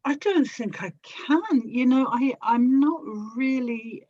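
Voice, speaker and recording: A woman guest on a podcast, an audio drama actor, speaking softly and soothingly in casual chat. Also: high voice, slow pace, dry recording, highs cut off. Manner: soft, soothing, self-deprecating.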